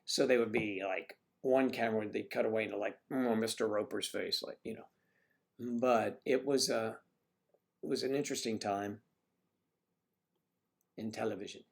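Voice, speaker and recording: A man's voice: lowish voice, fairly even intonation, moderate pace, gravelly, pauses often. Chatty rambling man hosting a livestream. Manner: rambling, chatty, full of asides. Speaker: livestream host. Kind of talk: casual chat.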